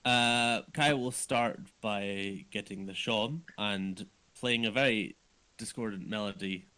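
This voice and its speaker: A man playing a tabletop role-playing game, chatty and quick with a joke. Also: on the low side, pushed and bright, smooth. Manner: chatty, laughing banter. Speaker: player. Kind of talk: tabletop role-play over voice chat.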